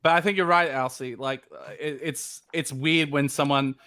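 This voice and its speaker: A man's voice: a little high, fairly even intonation, normal speed, crowd noise. An Australian man co-hosting a live podcast, chatting casually in a rambling way with many restarts. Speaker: podcast co-host.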